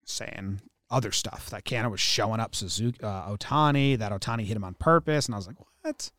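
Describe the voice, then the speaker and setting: Animated man retelling a baseball scuffle. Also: on the low side, quick pace, no echo. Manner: animated storyteller, acts out quotes, swears. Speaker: podcast co-host. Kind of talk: casual sports chat.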